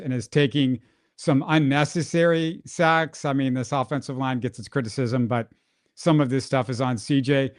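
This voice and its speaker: A man's voice: medium pitch, clear, resonant tone, no echo, studio quality. Wry sports podcast host, a man. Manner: wry, joking, rattles off stats. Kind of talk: casual sports talk.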